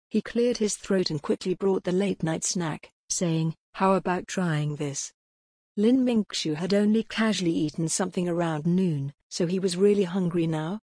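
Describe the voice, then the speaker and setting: A woman reading an audiobook aloud with even, steady pacing. Her voice is a little low and soft with a breathy edge, and the recording is close and completely dry. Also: dry recording. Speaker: audiobook narrator. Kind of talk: audiobook narration.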